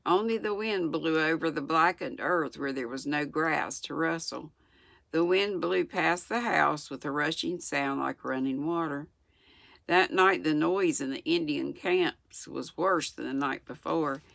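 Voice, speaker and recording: A woman in her sixties with a Southern US accent, reading a children's book aloud in a gentle, unhurried way with small slips. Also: low-pitched, vocal fry, no echo, studio quality. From United States. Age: 60s. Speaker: channel host reading aloud. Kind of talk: storybook read-aloud.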